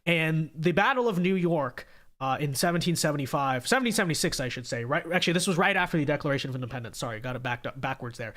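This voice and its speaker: Stuffy-nosed guy with a high voice, ranting on his stream, sarcastic and repeating himself. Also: expressive, fast, fairly bright tone. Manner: emphatic, repetitive, sarcastic. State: congested. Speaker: host of a political livestream. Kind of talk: ranting political commentary.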